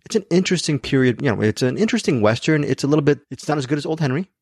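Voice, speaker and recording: A man's voice: on the high side, animated, racing, a little mellow, slightly rough, no room sound, studio quality. A man hosting a film podcast, moving the segments along and giving his own take. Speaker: podcast host. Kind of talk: casual movie review chat.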